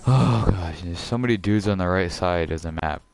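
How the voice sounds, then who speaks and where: A young man streaming a video game and chatting with a friend over a headset, excitable and yelling at the game. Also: sits low, normal speed, creaky, faint music behind. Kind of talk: gaming live stream chat.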